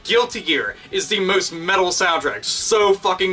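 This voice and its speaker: A man hosting his own video, ranting casually and excitedly with constant swearing and crude exaggeration. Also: high voice, normal speed, hardly any pauses, recorded from a distance, over music. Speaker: video host. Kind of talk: casual profane rant.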